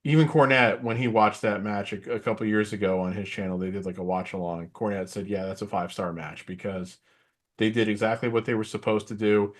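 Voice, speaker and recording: A man's voice: on the low side, a little fast. A middle-aged man co-hosting a podcast, chatting casually about wrestling in a rambling way with lots of fillers. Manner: rambling, filler-heavy, animated asides. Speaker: podcast co-host.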